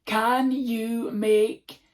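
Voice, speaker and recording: A Scottish man voicing a rude, sweary old male stranger who shouts and patronises. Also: extremely high pitch, little pitch movement, drawn-out words, voice pushed up, full character voice. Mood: demanding.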